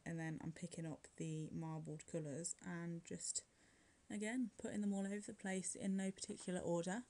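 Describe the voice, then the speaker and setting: A woman's voice: on the low side, dark tone. A woman chatting casually through a nail art voice-over, rambling with frequent light laughs and filler words. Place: at home, curling her hair while recording.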